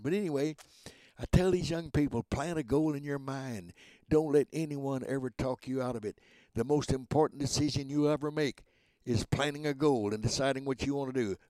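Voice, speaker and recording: A man in his nineties, a former voice actor, telling lively stories in a radio interview and acting out the voices. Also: medium pitch, no room sound. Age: 90s. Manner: lively raconteur who acts out voices and laughs at his own jokes. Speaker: guest, voice actor and motivational speaker.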